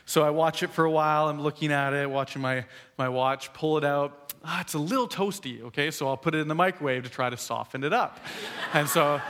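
A man in his thirties telling a funny story to a live audience, acting out the quotes in a raised voice and laughing as he goes. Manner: animated, acts out quotes in a higher voice, laughs while telling.

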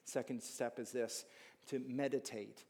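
A man preaching a sermon in a lively, animated manner, jumping from loud emphatic rises to hushed asides. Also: mid-range voice, unhurried, creaky. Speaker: pastor. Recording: long hall reverb.

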